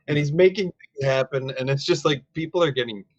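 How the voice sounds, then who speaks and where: A man's voice: on the high side, a little fast, no echo, highs cut off. Chatty man at a game table. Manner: chatty, jokey. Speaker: player. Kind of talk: casual chat.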